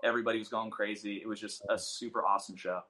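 A man's voice: fairly low pitch, steady tone, very fast, pushed and bright. A man in a band, guesting on a casual chat, enthusiastic and using "like" a lot.

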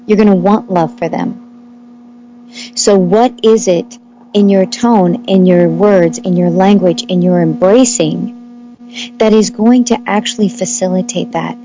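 A woman guest speaking gently and earnestly about love in a relationship chat. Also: mid-range voice, muffled recording.

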